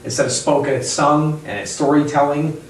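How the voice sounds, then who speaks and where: A man who owns a bookstore, chatting casually in an interview, rambling and animated as he tells stories. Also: fairly high pitch, fairly quick, a little hiss or hum. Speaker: bookstore owner and author. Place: inside his bookstore. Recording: echoey room, mic at a distance.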